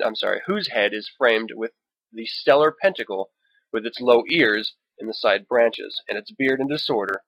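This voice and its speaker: A man's voice: mid-range voice, a bit bright, husky, no room sound, muffled recording. A man hosting a solo podcast, talking casually, reading book passages aloud and adding wry, profane asides. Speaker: podcast host.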